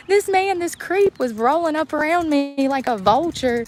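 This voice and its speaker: A woman's voice: a little high, moderate pace, hardly any pauses, a little hiss or hum. A woman ranting bluntly in a casual vlog, laughing often, recorded outdoors in the woods. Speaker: vlogger.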